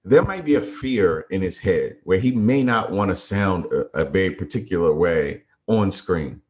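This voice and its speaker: Male podcast co-host, lowish voice, halting and reflective casual talk. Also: expressive, a little mellow. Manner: hesitant, restarts often, thinks aloud. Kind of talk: casual chat.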